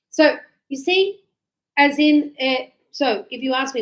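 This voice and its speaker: Animated high-voiced woman teacher. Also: measured pace. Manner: animated, acts out little dialogues. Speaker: English teacher. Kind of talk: lively teaching explanation with acted examples.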